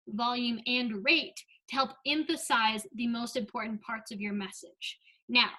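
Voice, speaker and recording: A woman's voice: sits high, sharp tone, low-quality recording. A young woman giving an upbeat speech and debate lesson, often checking in with "right?" and "okay?". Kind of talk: instructional talk with comic asides.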